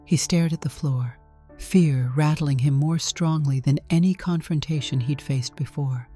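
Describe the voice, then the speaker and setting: Woman narrating a story, calm and measured, deep dark tone. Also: slightly rough. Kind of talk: scripted narration. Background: faint music.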